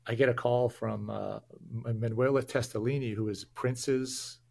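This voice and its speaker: A man's voice: mid-range voice, normal speed, gravelly. A man, a firefighter guest on a podcast, telling stories over a remote call with stumbles and restarts. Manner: animated storytelling, stumbles and restarts. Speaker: firefighter and public information officer, guest. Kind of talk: casual interview chat. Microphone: remote video call.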